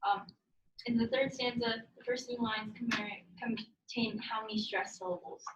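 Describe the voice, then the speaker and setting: A woman's voice: on the high side, steady tone, normal speed, dull audio, a little hiss or hum. A woman student asking questions in class, hesitant and searching for words.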